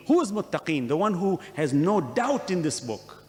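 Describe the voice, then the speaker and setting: A man's voice: a little high, animated, a little fast, hardly any pauses. A man giving an earnest religious lecture, asking questions and acting out conversations to make his points. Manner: earnest, questioning, acts out dialogue. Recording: long hall reverb.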